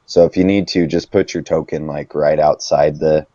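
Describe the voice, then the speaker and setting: A man narrating a tabletop game as game master in a relaxed, chatty way with fillers. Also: rumbling low, normal speed, dry recording, lo-fi sound.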